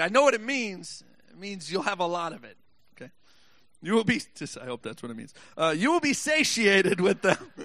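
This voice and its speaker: A man preaching a sermon, reading scripture slowly, joking with the congregation, and rising to impassioned shouts. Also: high voice, no echo.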